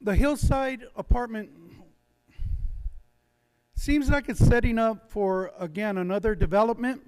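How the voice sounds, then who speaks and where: Man at the public comment mic, high voice, halting delivery, wary tone. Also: a little mellow, smooth. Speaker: public commenter, write-in candidate. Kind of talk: public comment at a council meeting.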